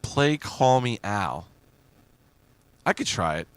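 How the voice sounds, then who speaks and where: This man hosts a live music request stream, casually rambling as he reads viewer messages and replies, cracking jokes and laughing a lot between songs. He speaks slowly in a lowish, very animated voice. The sound is clean and free of any room sound.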